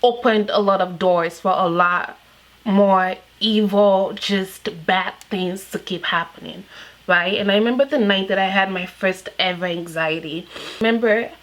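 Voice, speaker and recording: In her vlog, a young woman from Nigeria, in her twenties, opens up with emotion and candor, filling her speech with lots of fillers. She has a mid-range voice with a fairly bright tone, though the audio quality is poor.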